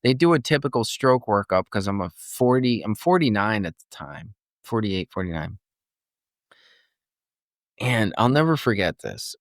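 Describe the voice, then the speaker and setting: A man in his fifties tells a personal story as a podcast guest, chatty and animated, often restarting his sentences. His voice sits on the low side. The recording is dry, with no room echo. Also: normal speed. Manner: animated storyteller, loose and chatty, restarts often and acts out other people's words. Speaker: guest, transformational coach and former nurse.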